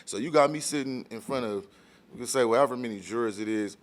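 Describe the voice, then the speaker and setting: A man from San Diego County, a rapper guest on a podcast, telling a long story quickly and acting out the voices of the people in it. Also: mid-range voice. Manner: fast, rambling, acts out quoted voices. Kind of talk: storytelling in casual podcast chat.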